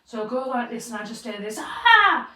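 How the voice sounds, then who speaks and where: A woman's voice: fairly high pitch, fast, far from the mic, a little hiss or hum. Woman telling a story on a podcast, swears a lot, roomy sound, a bit off mic. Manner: animated, swears freely, acts out quoted voices. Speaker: podcast co-host. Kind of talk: casual storytelling chat.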